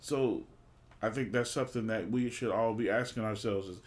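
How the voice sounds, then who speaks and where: A man's voice: lowish voice, moderate pace. Emphatic man co-hosting a podcast. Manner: emphatic, repeats phrases for stress. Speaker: podcast co-host. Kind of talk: casual relationship podcast chat.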